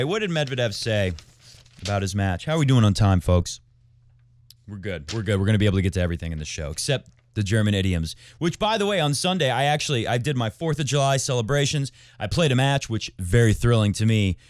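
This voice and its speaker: A man's voice: fairly low pitch, no room sound, studio quality. A man hosting a tennis podcast and working as a tennis coach, talking in a chatty, rambling way that jumps between tangents. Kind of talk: casual tennis commentary.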